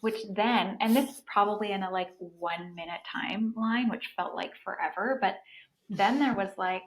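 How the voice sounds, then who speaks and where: A woman in her thirties speaks as a podcast guest, telling her story in a casual, animated way. She leans heavily on "like" as a filler. Her voice sits at a middle pitch for a woman. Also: moderate pace, low-quality recording. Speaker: podcast guest, breathwork facilitator.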